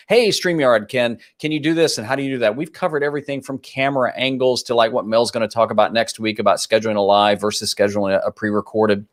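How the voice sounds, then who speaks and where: A man hosts a live stream from his home office studio in a relaxed, chatty way. His pitch moves around a lot as he greets viewers and reads out their comments in an upbeat tone. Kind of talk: casual live stream chat. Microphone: home office studio mic.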